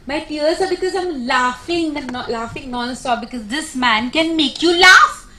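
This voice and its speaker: Woman, chatty and animated, fairly high voice, echoey press room, faint noise. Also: normal speed. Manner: chatty, animated storytelling with laughs. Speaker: actress at a film press meet. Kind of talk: casual press conference answers.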